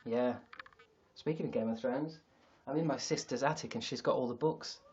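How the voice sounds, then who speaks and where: Muffled audio captures a Yorkshire-accented man livestreaming casually from his sister's attic. He has a mid-range, darkish voice at normal speed, and he rambles, mocks himself, and swears some.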